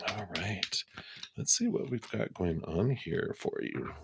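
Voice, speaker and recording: A man's voice: fairly low pitch, takes it slowly, background noise. A middle-aged man hosting a live tarot card reading, chatting casually with viewers and thanking donors. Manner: relaxed and chatty, thanks donors, many fillers.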